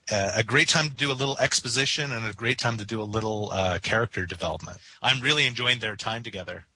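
A man co-hosting a casual TV discussion, chatty and halting, with many fillers and restarts. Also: fairly low pitch, bright, forceful tone, slightly rough, no room sound, rough recording. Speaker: podcast co-host.

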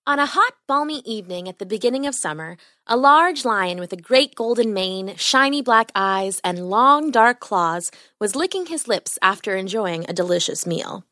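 Lively, bright-voiced woman storyteller. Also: medium pitch, normal speed, hardly any pauses, no echo, studio quality. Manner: animated, expressive storytelling. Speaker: podcast host and storyteller. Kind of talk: children's bedtime story narration.

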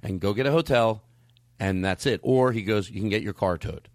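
A man hosting a casual podcast chat, telling a story and acting out the dialogue with lively shifts in his voice. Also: on the low side, normal speed, no echo, studio quality. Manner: animated, acts out quoted dialogue. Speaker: podcast host.

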